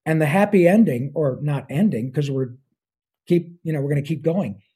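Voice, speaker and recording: A man's voice: on the high side, moderate pace, dark tone, slightly rough. A man in his sixties, a voice actor talking as an interview guest, enthusiastic and rambling, with plenty of fillers. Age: 60s. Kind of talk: casual interview talk.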